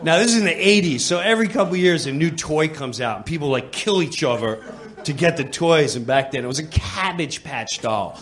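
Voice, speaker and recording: A middle-aged man from New York telling a stand-up story on stage, animated and quick to slip into voices. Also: a little high. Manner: animated, jumps into voices, laughing asides. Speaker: comedian. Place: comedy club stage.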